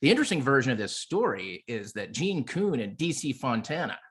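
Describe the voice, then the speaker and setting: A man guest commentator on a podcast, arguing in an emphatic, animated way. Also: mid-range voice, a little fast, breathy edge. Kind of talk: casual chat.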